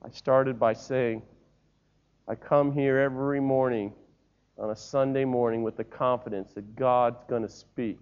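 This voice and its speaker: A man preaching a sermon, telling stories with lively voiced characters and rising to shouts. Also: medium pitch, measured pace, clean tone. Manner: animated storytelling, voicing characters, rising to shouts. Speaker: pastor. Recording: dull lo-fi sermon recording.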